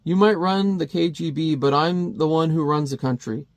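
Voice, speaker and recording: A man's voice: fairly high pitch, moderate pace, no echo, lightly acted. A man reading as a lofty superhero ruler.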